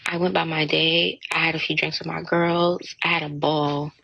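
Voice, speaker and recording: A woman's voice: low-pitched, level tone, normal speed, gravelly, bright, forceful tone, highs cut off. A young woman ranting in an indignant, exasperated storytime, quoting what others said, in a played-back clip with faint noise. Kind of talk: casual storytime rant to camera.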